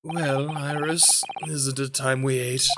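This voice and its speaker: A streamer reading a glum, listless grown man detective aloud from a game, dragging the words out in a low, flat drone. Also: slow, very noisy. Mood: dreary, gloomy. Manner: sluggish, dreary, theatrical. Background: game music.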